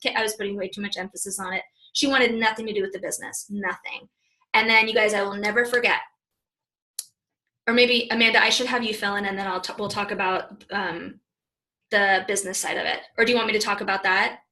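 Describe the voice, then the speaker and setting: A woman in her early thirties telling a personal story on a panel, chatty and animated, acting out her own past thoughts. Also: medium pitch, quick pace, poor audio. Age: 30s.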